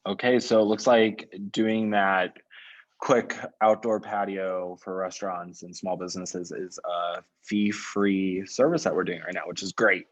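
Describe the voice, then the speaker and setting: Man, meeting chair on a video call. Low voice, dull lo-fi sound. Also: unhurried. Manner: relaxed, conversational, directs speakers by name. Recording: muffled lo-fi call audio.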